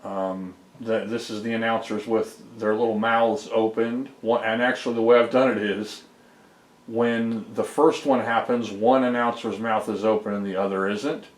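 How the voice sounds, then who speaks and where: A man's voice: on the low side, fairly even intonation, moderate pace, roomy sound. A man, a homebrew game developer, casually walks through his game code. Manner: rambling, explains code step by step with fillers. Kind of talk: casual screen-recorded dev vlog.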